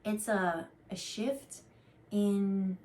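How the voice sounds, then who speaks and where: A woman's voice: mid-range voice, steady tone, drawn-out words, a little mellow. A woman giving a casual channeled card reading, chatty and earnest, rambling with fillers and restarts. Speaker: intuitive card reader.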